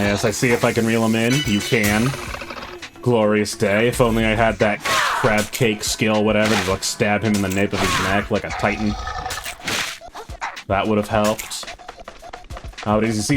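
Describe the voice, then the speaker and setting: Man, gameplay voice-over, sarcastic and self-mocking, low voice, game music underneath. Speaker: gaming channel host.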